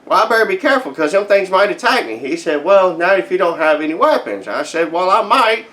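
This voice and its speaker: A boastful, slow-witted grandson, played by a man, spins a rambling folksy yarn for a comedy sketch. His voice sits high for a man, and he trips over his words and starts sentences again as he goes. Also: fairly bright tone. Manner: rambling folksy tale-telling with stammered restarts. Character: dim-witted bumbling adult grandson, boastful and excitable. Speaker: comedy character telling a story to his grandmother. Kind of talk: comedic storytelling monologue.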